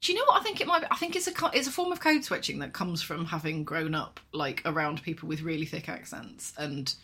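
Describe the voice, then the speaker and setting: A woman's voice: low voice, animated, fast talker, pushed and bright, husky. Chatty woman with a Yorkshire twang. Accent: light Yorkshire. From England, Yorkshire. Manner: chatty, rambling, frequent fillers and laughs. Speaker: podcast co-host. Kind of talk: casual chat.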